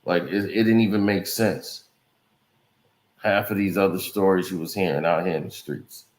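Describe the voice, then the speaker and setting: A man's voice: low voice, moderate pace. A man hosting a commentary show, talking in loose, rambling street slang. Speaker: commentary channel host. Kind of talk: casual commentary. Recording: roomy echo.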